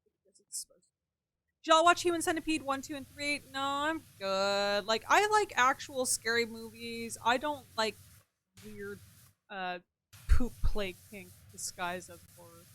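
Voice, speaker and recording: A woman's voice: a little high, expressive, a little slow, sharp tone. A young woman streaming a game and chatting casually, talking freely, swearing, and answering her chat. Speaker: gaming streamer.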